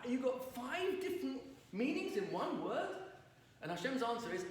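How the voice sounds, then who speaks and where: A man's voice: extremely high pitch, sing-song, moderate pace. A man, a rabbi, giving a lecture to an audience, telling stories and asking the audience questions. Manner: storytelling, asks the audience questions. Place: lecture hall. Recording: roomy distant recording with faint noise.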